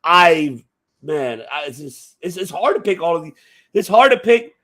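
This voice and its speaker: A man hosting a casual chat show, talking excitably with lots of swearing and restarts. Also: a little high, moderate pace. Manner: excitable, profane, rambling with many restarts. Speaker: podcast host. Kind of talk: casual chat about wrestling.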